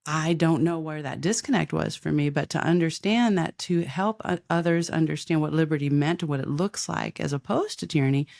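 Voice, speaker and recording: Older woman, dry close sound, animated. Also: sits low, fairly quick, gravelly, few pauses, dry recording. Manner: animated, acts out quoted dialogue, frequent restarts. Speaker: guest. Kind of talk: conversational interview.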